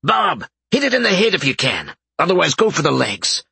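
A man's voice: a little high, very animated, fairly quick, vocal fry, bright, forceful tone, breathy edge, pitched above the performer's own voice, full character voice. A man voicing a young male adventurer who calls out urgent orders in a fight. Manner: urgent calling out.

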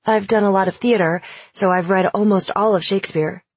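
Woman reading an upbeat teen theater girl, husky voice, dull lo-fi sound. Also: medium pitch, fairly even intonation, fairly quick, dry recording. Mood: friendly. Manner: upbeat, chatty. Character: friendly teenage girl, confident theater kid.

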